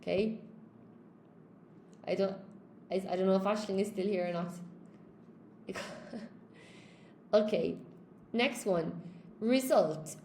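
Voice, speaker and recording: A woman's voice: medium pitch, slow pace, long pauses, a little mellow, echoey room, slight background noise. A woman with a Cork Irish accent teaching an English grammar lesson in a live stream, chatty, often checking in with "okay?" and greeting viewers by name. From Ireland.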